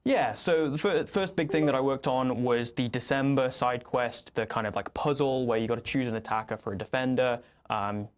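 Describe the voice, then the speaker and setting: Man, 20s, game designer guest, relaxed, casual interview, mid pitch. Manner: relaxed, with fillers and restarts.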